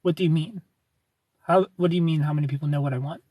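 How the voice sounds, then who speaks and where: A young man talks fast in a slightly high voice as he hosts a livestream and reads viewer comments. He's animated and chatty, rambling with repeated phrases and laughs, and the recording has no echo.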